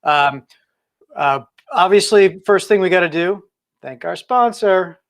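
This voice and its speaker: A man hosting a casual sailing chat show, relaxed and joking with plenty of fillers. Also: high-pitched, unhurried. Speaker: podcast host.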